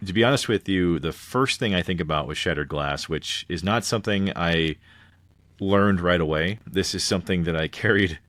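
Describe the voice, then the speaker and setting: Man in his thirties, very low voice, rambling casual podcast co-host, dry close mic. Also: normal speed, fairly bright tone, no echo. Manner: rambling, many restarts. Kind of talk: casual movie review chat.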